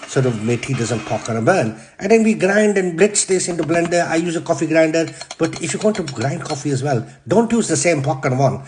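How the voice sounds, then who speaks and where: A man with a Yorkshire accent hosting a comic cooking demonstration, brash and deadpan, swearing constantly as he talks through the steps. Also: a little high, a little fast, few pauses, slight background noise. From Yorkshire, England. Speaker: cooking show host.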